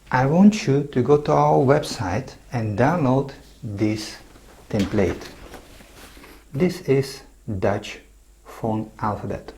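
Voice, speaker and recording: Slow, deliberate male language teacher. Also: mid-range voice, dark tone. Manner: slow, deliberate, addresses the viewer directly; spells out letters and names with careful stress. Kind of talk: online language lesson.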